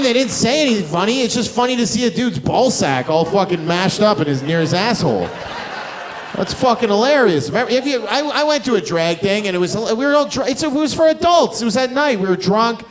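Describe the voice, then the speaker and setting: A man's voice: extremely high pitch, noisy background. Brash, profane stand-up comic man. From Canada. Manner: brash, profane, swings into mocking put-on voices. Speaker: stand-up comedian. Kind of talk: stand-up crowd work. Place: comedy club stage. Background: audience laughter.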